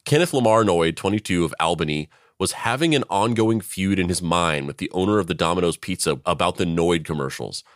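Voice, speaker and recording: Low-voiced man on a dry mic. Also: brisk, few pauses, no echo. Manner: laughing, rambling with restarts, jumping high in pitch for quotes. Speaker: podcast co-host. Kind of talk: casual podcast chat.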